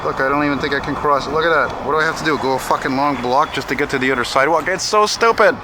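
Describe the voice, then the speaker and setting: A man's voice: mid-range voice, fairly even intonation, rapid-fire. A man, walking city streets and talking casually to his camera, grumbling and swearing as he goes. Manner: profane, grumbling, chatty. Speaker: vlogger. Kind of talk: casual walking vlog commentary. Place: city streets outdoors, windy. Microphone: handheld camera mic while walking. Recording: outdoor street noise and wind. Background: street traffic and wind.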